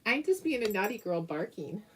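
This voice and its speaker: A woman's voice: mid-range voice, big pitch swings, normal speed, slight background noise, close to an everyday voice. A woman voicing her small naughty pet dog in a cutesy, sing-song baby-talk voice. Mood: cheeky.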